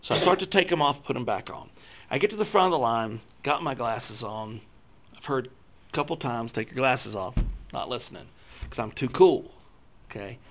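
A man telling a self-deprecating personal testimony to a church group, acting out his own thoughts in lively voices. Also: medium pitch, normal speed. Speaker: speaker sharing a personal testimony.

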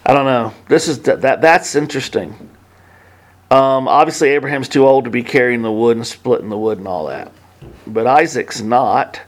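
Man in his fifties, informal halting preacher, shifts from quiet to emphatic. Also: medium pitch. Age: 50s. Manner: conversational, halting with many restarts, swings between hushed and emphatic. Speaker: pastor. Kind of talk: sermon.

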